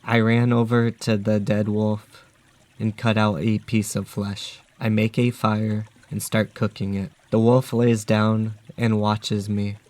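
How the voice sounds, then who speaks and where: A man narrating a dark first-person story in a flat, even way. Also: lowish voice, slow pace.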